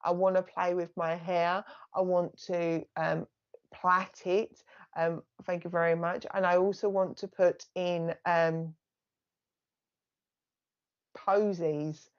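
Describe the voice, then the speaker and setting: A woman psychic medium giving a live reading in a soft, chatty way, often thanking the spirits aloud. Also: fairly low pitch, flat delivery, slow pace, long pauses, smooth, highs cut off.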